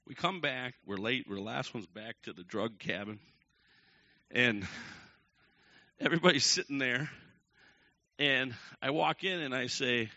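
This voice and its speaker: A man telling a long personal story to a crowd from the pulpit, acting out each quoted person with sudden jumps in pitch and loudness. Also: normal speed, no echo. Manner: animated, acts out the quoted people with big jumps in pitch and loudness. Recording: dull lo-fi recording.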